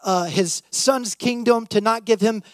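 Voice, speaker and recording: Youth pastor preaching, man with a very high voice, dramatic scripture reading, dry close recording. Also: unhurried, dry recording. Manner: reads scripture aloud, acts out quotes with lively emphasis. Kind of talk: sermon.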